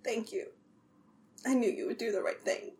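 A woman's voice: low-pitched, moderate pace, lightly acted. A woman reading a story aloud, voicing a blunt, irritable tough woman who talks curtly. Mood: tearful. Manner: blunt, curt.

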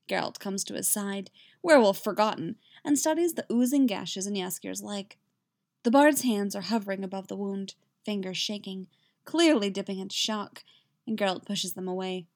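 A woman reading fan fiction aloud, in an expressive storytelling manner. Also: mid-range voice, moderate pace. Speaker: reader.

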